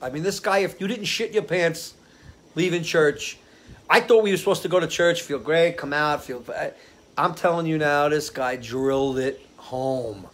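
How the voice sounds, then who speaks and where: Out on his porch beneath a ceiling fan, a man runs a casual live stream, wandering through stories and frequently losing track of what he was saying. His voice is fairly high and fairly bright, at a moderate pace.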